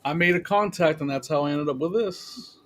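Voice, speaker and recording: A man with a high voice talks excitedly in a casual chat, trading stories about deals. He is speaking over a video call. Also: brisk. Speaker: reseller on a panel.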